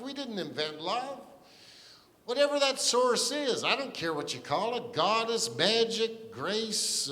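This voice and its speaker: A man's voice: high-pitched, a bit bright. A man preaching a sermon as pastor, earnest and conversational, with asides and restarts. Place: church sanctuary. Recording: long church reverb.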